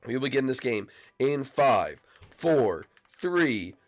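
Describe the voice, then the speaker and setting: A man with a cold hosting excitable, rambling gameplay commentary. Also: mid-range voice, slow pace, soft background music. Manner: excitable, rambling, shouts out to friends. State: sick, coughing. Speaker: YouTube gaming host.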